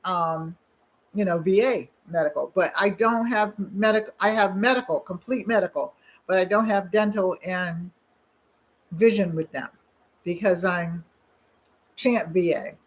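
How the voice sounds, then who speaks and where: Older husky-voiced woman telling rambling stories. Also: lowish voice, measured pace. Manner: rambling storyteller with many asides and restarts. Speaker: channel host. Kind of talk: casual chat.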